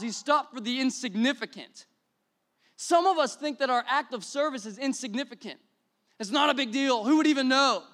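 A young man preaching a sermon as pastor, energetic and repetitive, building to exclamations. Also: very high-pitched.

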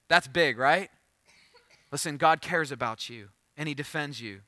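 A man's voice: on the high side, measured pace, no room sound. A man in his thirties preaching a sermon, telling a funny story with jokes before reading scripture. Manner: storytelling, animated and joking. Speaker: pastor.

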